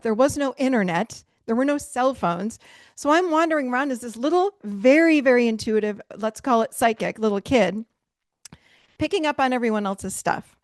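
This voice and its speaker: A middle-aged woman talks to a workshop over a video call, her voice a little higher than most. She tells stories animatedly, acting out what people said and laughing often. The sound is dry, with no room in it. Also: a little fast, no echo. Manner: animated storytelling, acts out quotes with laughs. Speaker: speaker leading a virtual workshop. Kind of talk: casual talk to a group. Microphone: video call mic.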